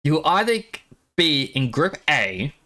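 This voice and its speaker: A man's voice: a little high, very animated, measured pace, pushed and bright. A man streaming live, chatting casually and rambling with laughs, his throat dry from talking for a long time.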